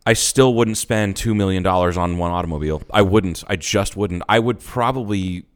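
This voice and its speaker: A man's voice: sits low, moderate pace, smooth. Profane, blunt podcast co-host man. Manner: blunt and profane, laughs often. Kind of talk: casual chat.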